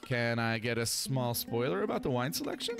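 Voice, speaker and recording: A man's voice: mid-range voice, huge pitch swings, brisk, creaky, a bit bright, faint music behind, exaggerated voice. Man reading as a polite young winemaker woman. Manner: reading dialogue plainly.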